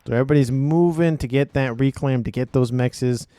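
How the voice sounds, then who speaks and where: Upbeat male strategy game caster, chatty and loose, smooth voice at home mic, dry sound. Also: medium pitch, brisk, mellow, no room sound. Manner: upbeat, chatty, thinks aloud with fillers. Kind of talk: game commentary.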